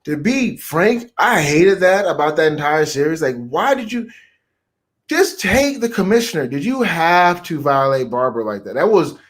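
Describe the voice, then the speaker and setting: A man with a fairly high-pitched voice co-hosts a relaxed online chat. He rambles in an animated way, often restarting his sentences as his thoughts catch up. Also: moderate pace. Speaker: podcast co-host. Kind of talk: casual live-stream chat.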